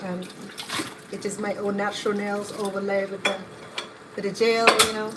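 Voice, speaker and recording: A woman's voice: medium pitch, little pitch movement, normal speed, very noisy. A middle-aged woman rambles through a story as she cooks, her voice staying fairly level. She wanders from one tale to the next in an easygoing, chatty way. Running water and kitchen clatter are plain behind her. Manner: rambling, digressive storytelling while cooking. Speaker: home cook and channel host. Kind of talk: chatty cooking vlog. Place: home kitchen.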